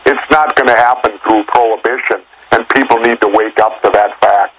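A man's voice: fairly low pitch, steady tone, normal speed, a bit bright, slight background noise, rough recording. A man talking as a guest on a political talk show, plain-spoken and argumentative. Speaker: guest, former governor.

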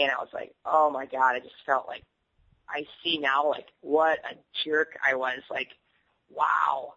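A woman guest in a candid interview, telling stories in an animated way and laughing often. The sound is muffled, like radio audio. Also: a bass voice, measured pace.

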